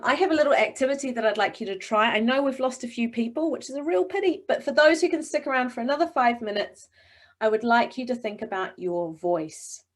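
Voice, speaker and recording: A middle-aged woman with a slightly high voice leads a webinar session for speakers. She sounds encouraging and expressive. The sound is that of a video call. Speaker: presentation coach. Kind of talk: webinar coaching talk.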